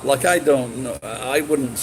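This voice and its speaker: Man, casual chat, rambling, sweary, restarts a lot, mid pitch. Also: a little slow, a little hiss or hum, poor audio.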